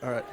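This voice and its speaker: A man pastor giving a conversational sermon in a church auditorium, telling stories with humor and repeating his key phrases. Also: slight background noise. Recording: long hall reverb.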